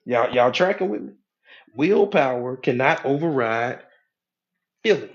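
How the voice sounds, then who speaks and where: A man's voice: mid-range voice, animated, unhurried, lo-fi sound. A male hypnotherapist and coach giving a casual teaching talk in colloquial speech, acting out the mind's inner voices.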